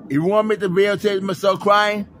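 A man talking in a halting, rambling way, restarting and repeating phrases again and again. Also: high-pitched, little pitch movement, a bit bright, slight background noise. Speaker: public access show guest. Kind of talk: rambling personal talk. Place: library center.

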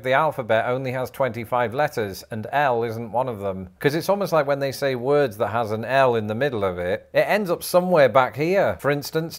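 A British man hosting a comedic vlog from his home, talking in a playful, wry way and slipping into mock accents. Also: mid-range voice. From Britain. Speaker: YouTuber host. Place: home in Illinois.

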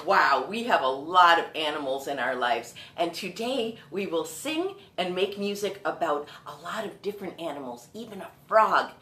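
A woman hosting a live children's singalong show, talking slowly and in a sing-song way to small children. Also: lowish voice, lively intonation. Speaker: children's music host. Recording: echoey room with loud guitar.

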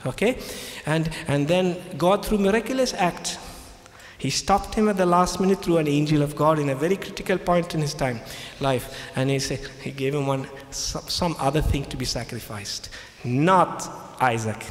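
Male pastor, Indian English accent, emphatic sermon delivery; roomy reverberant hall sound. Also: normal speed. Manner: retelling scripture with frequent "okay?" check-ins; hesitant fillers and restarts, emphatic swings in pitch. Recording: echoey hall with long reverb.

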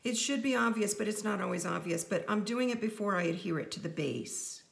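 A woman's voice: mid-range voice, animated, a little fast, gravelly. A middle-aged woman teaching a casual card-making tutorial, chatty and playful as she jokes with her viewers.

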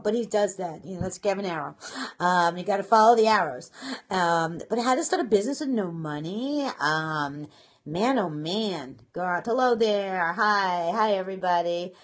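A middle-aged woman from New York, hosting a casual live stream from her home office, chatting, laughing and greeting viewers by name. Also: medium pitch. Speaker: livestream host.

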